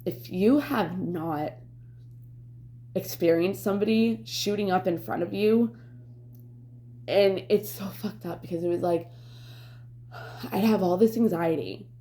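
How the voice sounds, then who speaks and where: A woman's voice: mid-range voice, unhurried, pauses often, warm tone. A young woman vlogger telling a personal story candidly, rambling and swearing, with lots of fillers. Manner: rambling, profane, full of fillers.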